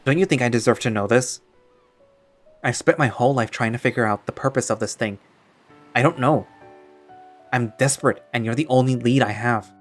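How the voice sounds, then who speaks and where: A man's voice: medium pitch, moderate pace, long pauses, soft background music, close to an everyday voice. A man playing a young man who presses a friend with earnest, hurt questions.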